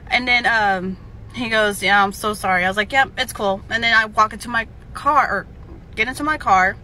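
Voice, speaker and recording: A woman's voice: mid-range voice, normal speed, bright, forceful tone, slight background noise. A woman telling a dating story in a casual clip, rambling and frustrated as she quotes what was said. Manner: rambling, frustrated, quoting others.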